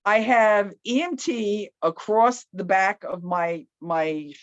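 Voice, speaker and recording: Casual woman storyteller, loud, acts out every voice, slightly dull dry recording. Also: mid-range voice, slow, no room sound. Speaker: guest telling a personal story.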